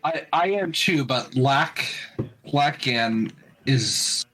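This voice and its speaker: A man with an ordinary middle-pitched voice puzzles over trivia answers on a podcast. He hesitates and talks his guesses through. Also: animated, very slow, fairly bright tone, low-quality recording. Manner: thinks aloud, hesitant. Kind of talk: casual podcast chat.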